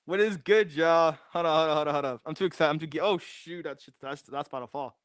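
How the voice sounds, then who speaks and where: A man's voice: a little high, fast talker, smooth, no room sound. Young man fiddling with his new mic, repeating himself. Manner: restless, repeats phrases while fiddling with gear. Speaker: streamer. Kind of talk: casual livestream chat. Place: home garage. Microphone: new desk microphone.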